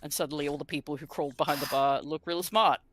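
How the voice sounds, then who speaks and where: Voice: mid-range voice, fast, a little hiss or hum. A stream co-host chatting casually during a game and telling stories with animation. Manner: animated storyteller. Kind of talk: casual chat while gaming.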